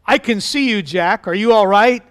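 A man voicing God in a joke story, speaking calmly and patiently from above. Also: sits high, moderate pace. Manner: calm, reassuring.

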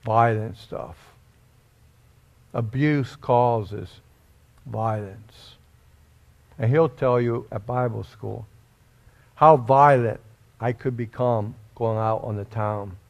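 A man preaching a sermon in a church, giving an emotional testimony that rises suddenly into loud, high bursts. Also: takes it slowly, creaky, pauses often. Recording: dull lo-fi recording.

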